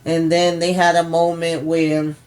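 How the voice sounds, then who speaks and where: A woman casually recapping a TV episode for her viewers, animated and chatty, acting out characters' lines. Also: a little slow. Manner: animated storytelling, acts out characters' lines with pitch jumps; chatty, addresses viewers as y'all. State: tired. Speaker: TV recap host.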